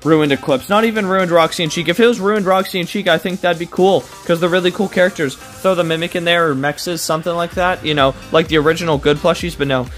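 A man's voice: fairly high pitch, steady tone, fast, few pauses, a bit bright, faint music behind. A man doing a casual unboxing review, rambling with lots of fillers and restarts as he gushes over details and complains about being let down. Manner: gushing then letdown and complaining. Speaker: toy reviewer.

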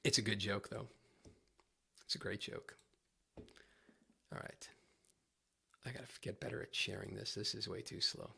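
Gravelly, chatty male guitar teacher. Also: lowish voice, steady tone, moderate pace, pauses often, pushed and bright. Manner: chatty, rambling, self-deprecating. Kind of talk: casual livestream guitar lesson.

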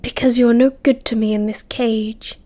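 A woman's voice: a little high, flat delivery, moderate pace, lightly acted. A woman whispering as a sly young male werewolf schemer. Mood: scornful. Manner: hushed, urgent whispering.

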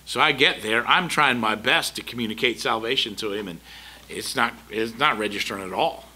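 A man's voice: mid-range voice, normal speed, pushed and bright, slightly rough. A middle-aged male pastor preaching a sermon, emphatic, with repeated rhetorical questions. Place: church sanctuary.

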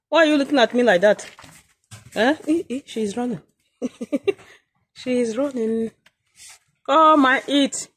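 A woman's voice: sits high, takes it slowly, long pauses, husky. A woman farmer with a Nigerian accent, chatting playfully and coaxing her animals in a casual vlog.

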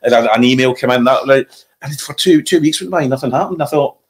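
A Scottish comedian spins a story in casual conversation. He is animated and breaks into impressions of other people. His voice sits at a medium pitch. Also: a little fast. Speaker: comedian guest.

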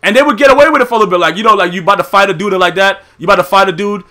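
A man hosting a podcast, animated and profane in a casual rant, who keeps asking "you know what I'm saying". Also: high voice, very fast. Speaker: podcast host.

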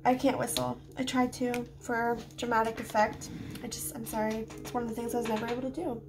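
A woman's voice: fairly high pitch, level tone, a little fast, over loud music, rough recording. A woman with a slight lisp doing a casual tarot reading, musing aloud as she draws cards, recorded on a phone. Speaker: tarot reader.

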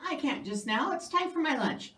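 A small, stubborn mouse from a picture book, played by a woman, insists again and again on what it is. The voice is fairly high and lively, caught from a distance in a roomy space. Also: moderate pace. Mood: insistent. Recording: roomy sound from a distant mic.

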